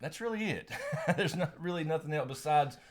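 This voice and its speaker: A man's voice: on the high side, lively intonation, normal speed. A man hosting a casual live stream, rambling with lots of fillers and restarts, laughing often, and reading out viewer names and questions.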